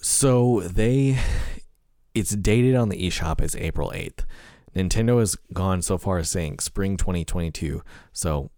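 A man's voice: deep voice, lively intonation, a little slow, dark tone, no echo, clean studio sound. A man co-hosting a podcast in casual chat, hesitant, with many fillers and restarts. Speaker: podcast co-host.

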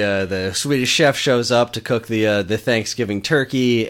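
A man's voice: on the low side, fairly bright tone. A man in casual chat, recapping a film with enthusiasm. He laughs often and uses a lot of fillers and restarts.

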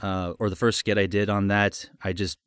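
A man in his twenties, a guest voice actor chatting casually on a podcast, upbeat and quick to laugh, often repeating words as he goes. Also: lowish voice, flat delivery, a bit bright, clean tone, no room sound, clean studio sound.

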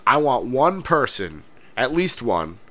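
Bright-voiced man joking as a podcast host. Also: medium pitch, sing-song, slow, slight background noise. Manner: joking, mock-exasperated. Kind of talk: casual chat.

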